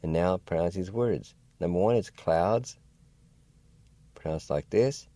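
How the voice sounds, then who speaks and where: A man teaches vocabulary over the radio, spelling each word out letter by letter at a very slow, patient pace. His voice sits low and mellow, and he encourages listeners in a folksy manner. The studio sound is dry and close. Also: dry recording. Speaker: radio host and language teacher. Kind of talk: radio language lesson.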